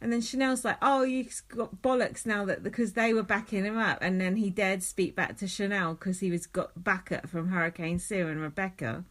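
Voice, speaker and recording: A woman's voice: medium pitch, steady tone, a little fast, few pauses, fairly bright tone. A woman co-hosting a podcast, chatting casually, giggly and blunt, swearing freely. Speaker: podcast co-host. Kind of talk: casual chat.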